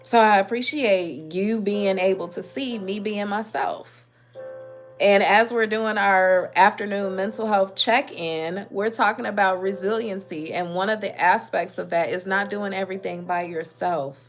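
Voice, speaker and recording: A woman's voice: medium pitch, steady tone, measured pace, faint music behind. A woman hosting a mental health talk, speaking emphatically and directly to her listeners. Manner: emphatic, preachy, talks straight to listeners. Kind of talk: casual motivational talk.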